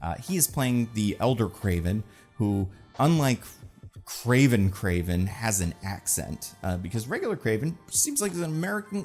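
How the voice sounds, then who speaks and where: A man hosting a casual film commentary show, rambling through his opinions with sarcastic asides and lots of fillers. His voice sits somewhat low, and faint music plays in the background. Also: very animated, moderate pace, darkish tone.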